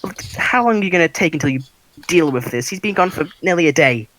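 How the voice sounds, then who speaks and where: A man's voice: a little high, fast talker, fairly bright tone, no room sound, voice pushed up, lightly acted, low-quality recording. A man voicing a panicked older woman whose son was kidnapped, stammering as she pleads.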